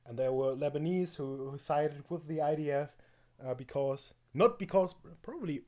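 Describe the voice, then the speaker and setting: A man's voice: a little high, moderate pace, warm tone. A man streaming live, reacting to a video with rambling, mocking commentary, full of fillers and laughs.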